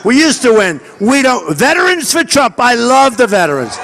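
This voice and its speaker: An older man giving a campaign rally speech outdoors, boastful and repetitive, shouting to a large crowd and acting out quoted dialogue. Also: very high-pitched, sing-song, moderate pace, vocal fry, heavy background noise. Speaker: political candidate at a campaign rally.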